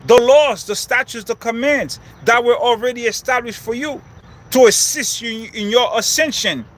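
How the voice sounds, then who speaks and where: A man teaching on spiritual matters outdoors in a large park, with slow, emphatic declarations. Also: very high voice, sharp tone.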